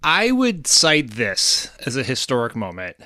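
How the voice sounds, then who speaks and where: A man co-hosting a casual political podcast, wry and deadpan. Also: medium pitch, unhurried, no room sound, clean studio sound. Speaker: co-host.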